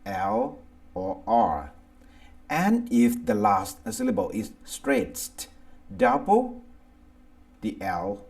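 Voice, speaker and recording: A Thai English teacher from Thailand reads a scripted grammar lesson, slowly and deliberately going through lists of verbs one word at a time. His voice is on the low side, creaky, and a little mellow, with a Thai accent.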